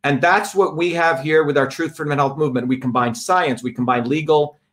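A man's voice: a little high, fairly even intonation, fairly quick, fairly bright tone. A man giving an impassioned political talk to a live audience, emphatic and repetitive, building his points with lists. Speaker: speaker addressing a live audience.

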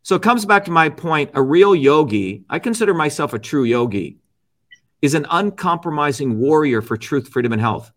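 A man's voice: fairly high pitch, lively intonation, moderate pace, fairly bright tone. A middle-aged man as an interview guest, lecturing emphatically, repeating his key phrases and checking in with "okay?" and "right?". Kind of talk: argumentative interview talk.

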